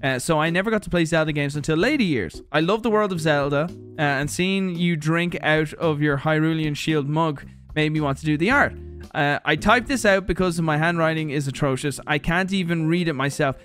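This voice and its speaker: Animated streamer with a lightish voice. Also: male voice, a little high, a little fast, soft background music. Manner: animated, swears freely, reads viewer letters aloud. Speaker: streamer host. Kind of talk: casual livestream unboxing chat.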